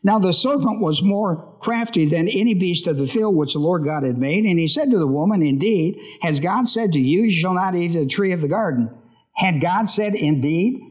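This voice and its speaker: A male pastor teaches from scripture in a slightly high voice. He reads a few verses, then stops to ask his listeners questions before he reads on. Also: animated, moderate pace. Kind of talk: Bible study sermon.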